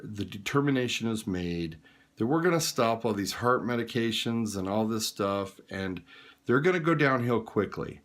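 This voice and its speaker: Man, low-voiced, plain-spoken advisor; tired, frank, informal delivery of practical care advice. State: tired and yawning.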